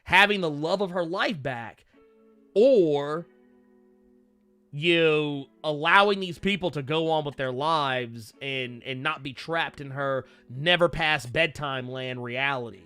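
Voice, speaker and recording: A man co-hosting a comic book live stream, reading viewer comments in an animated, rambling way and swearing casually. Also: a little high, takes it slowly, clean tone, faint music behind. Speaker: co-host of a comic book talk show.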